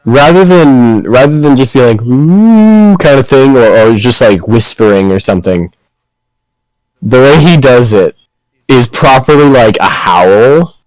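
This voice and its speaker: A man's voice: medium pitch, lively intonation, measured pace, dry recording, poor audio. A man chatting casually between tabletop game turns, rambling and restarting his sentences. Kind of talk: casual chat.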